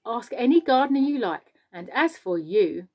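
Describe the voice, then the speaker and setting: A woman's voice: a little high, big pitch swings, normal speed, darkish tone, pitched above the performer's own voice. A woman voicing a prim, touchy male earthworm in a storybook reading. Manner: prim, indignant.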